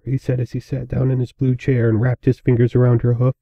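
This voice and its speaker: Male storyteller, mid pitch, dull dry recording. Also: monotone, fairly quick, vocal fry, hardly any pauses, dry recording. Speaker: narrator. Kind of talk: reading fan fiction aloud.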